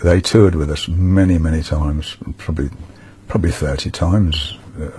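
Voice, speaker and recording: Man, very low voice, mellow dark tone, halting interview recollection, fillers. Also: fairly even intonation, slight background noise. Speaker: musician interviewee.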